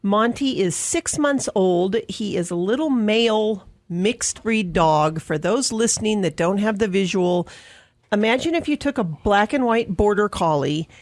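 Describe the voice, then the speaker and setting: An upbeat woman from an animal shelter talks warmly about an adoptable dog on a morning radio show. Her manner is gushing and casual. The sound is dry and close. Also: medium pitch, animated, unhurried, no echo.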